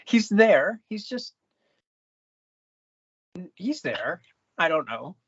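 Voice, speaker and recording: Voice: medium pitch, big pitch swings, drawn-out words, fairly bright tone, husky, no echo, highs cut off. A podcast co-host chatting casually about a movie, laughing often and stumbling through restarts. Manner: hesitant, laughing, trails off in restarts. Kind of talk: casual movie-review chat.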